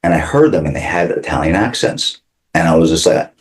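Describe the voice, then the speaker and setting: A man's voice: deep voice, sing-song, a little fast, darkish tone. A man who owns a pizzeria, guest on a local business podcast, telling stories casually and chattily, acting out quotes. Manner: chatty, full of "like" and acted-out quotes. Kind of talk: casual storytelling.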